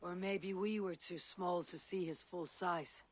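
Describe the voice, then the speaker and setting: A blunt Viking leader. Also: male voice, sits high, fairly even intonation, unhurried. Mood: firm. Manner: firm, blunt.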